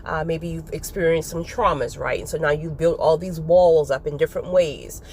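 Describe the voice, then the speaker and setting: A woman giving a casual spiritual talk to her viewers, animated and often breaking into laughter. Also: low-pitched, moderate pace, breathy edge. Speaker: faith vlogger.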